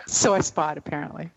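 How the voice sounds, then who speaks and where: A woman's voice: sits low, in a large hall, highs cut off. A woman co-hosting a radio show, agreeing readily and laughing often in casual chat. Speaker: radio host.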